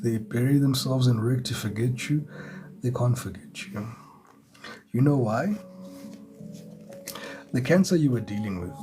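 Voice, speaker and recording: A man giving a chatty live tarot reading, greeting viewers and chuckling often. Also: medium pitch. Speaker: tarot reader. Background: music.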